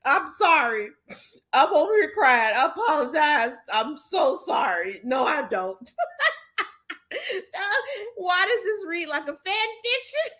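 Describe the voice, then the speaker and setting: Laughing animated woman hosting casual commentary. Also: sits high, slow pace. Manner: laughs often, animated and joking. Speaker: host.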